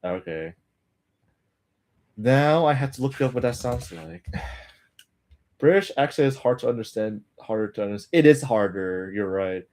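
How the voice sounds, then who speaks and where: A man's voice: mid-range voice, expressive, measured pace, pauses often, a little mellow. Muttering, chuckling streamer man. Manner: rambling, muttering asides and chuckling. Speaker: language-learning streamer. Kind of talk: casual live-stream chat.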